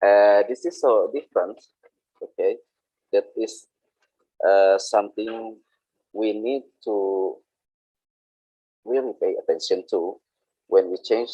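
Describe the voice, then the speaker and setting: A man teaching workplace English online, explaining slowly with frequent hesitations and repetitions. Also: fairly low pitch, warm tone, no room sound. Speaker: English instructor. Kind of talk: online vocational English lesson. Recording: dull lo-fi sound.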